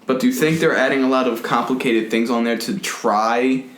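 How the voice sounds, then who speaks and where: A man hosting a podcast, asking questions in a relaxed way and teasing his guest with dry humor. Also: mid-range voice, normal speed. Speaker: podcast host. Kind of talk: casual interview. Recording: echoey room.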